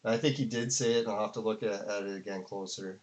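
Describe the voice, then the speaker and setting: A man's voice: fairly low pitch, fairly even intonation, fast, a little mellow. A man giving casual, rambling commentary on a debate to his viewers, full of fillers and restarts. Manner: rambling, filler-heavy, with frequent "like" and laughs. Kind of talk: casual commentary to a live chat.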